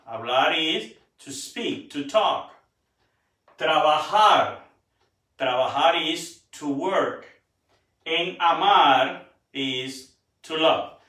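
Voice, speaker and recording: Teacher with a bright echoey voice. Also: male voice, a little high, distant mic. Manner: broken English with Spanish words spoken natively. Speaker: Spanish teacher. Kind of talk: classroom lesson. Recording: echoey room, voice from off mic.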